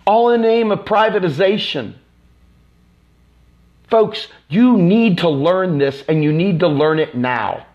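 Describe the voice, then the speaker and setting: A man's voice: high voice, unhurried, darkish tone, lo-fi sound. A man from the United States hosting a live stream. He delivers an impassioned, angry political rant that is repetitive and profane.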